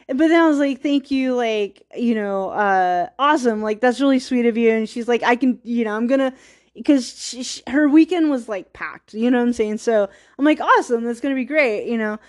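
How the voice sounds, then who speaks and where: Woman, fairly high voice, rambling casual storytelling, lots of "like", wistful and self-deprecating. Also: animated, moderate pace. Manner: wistful, laughs at herself. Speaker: podcast host.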